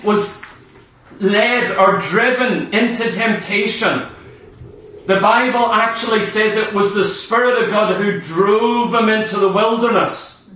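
A man's voice: sits high, fairly bright tone. A man preaching a sermon with impassioned, emphatic repetition. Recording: echoey hall, speaker far from mic.

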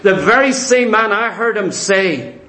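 A man's voice: high-pitched, expressive, measured pace, bright, forceful tone, roomy sound. A man preaching a sermon, speaking earnestly and with emphasis to his congregation.

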